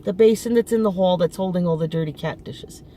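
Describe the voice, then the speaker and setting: A woman's voice: fairly low pitch, brisk, dark tone, a little hiss or hum. Frustrated middle-aged woman venting. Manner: frustrated, emphatic, with many restarts. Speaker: vlogger. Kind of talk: casual personal venting. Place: outdoors in front of her apartment.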